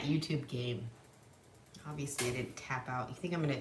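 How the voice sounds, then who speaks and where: Speaking at a normal speed with frequent pauses, this young woman has an extremely low voice. She's a vlogger livestreaming casually from a room in her home, cursing freely, talking bluntly and stopping between stories to coo at her dogs. Her distant mic picks up a noisy, echoing room.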